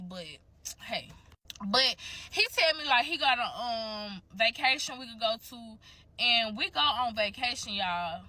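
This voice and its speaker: Young woman, bright and fairly high voice, casual storytime vlog, blunt and profane, talks right to the viewers. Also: expressive, a little slow. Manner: candid, profane, chatty storytelling.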